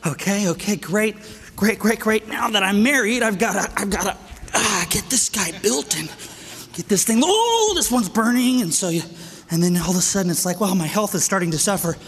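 A middle-aged man preaching a sermon to men, energetic and out of breath, calling for amens. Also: high voice, moderate pace. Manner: energetic, calls for amens, asks "right?". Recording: echoey hall with long reverb.

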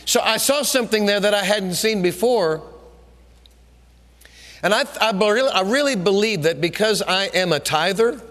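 A man preaching a sermon in an emphatic, repetitive way that builds to shouting. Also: high-pitched, animated, moderate pace. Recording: hall reverb.

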